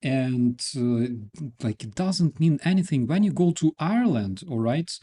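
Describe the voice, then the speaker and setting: Male stream host, Ukrainian accent, halting filler-laden delivery, mid pitch. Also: animated, dark tone. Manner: halting, filler-heavy speech with many "uh" and "like". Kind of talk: casual video chat.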